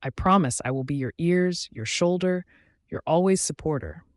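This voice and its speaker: Earnest young bride for an audiobook, pleading and tender, pitched up, as a male reader puts her on, very dry read. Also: lively intonation, moderate pace, dry recording, natural voice.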